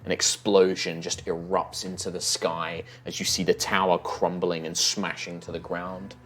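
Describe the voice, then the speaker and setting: A man's voice: low-pitched, level tone, moderate pace, fairly bright tone. A man narrating a fantasy tabletop game as dungeon master, describing scenes vividly with some fillers.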